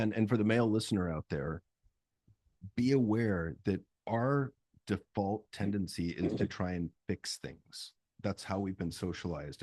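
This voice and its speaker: A middle-aged man co-hosting a couples therapy podcast, explaining in a calm, measured way. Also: low voice, breathy edge, dry recording. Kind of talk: casual chat with role-play.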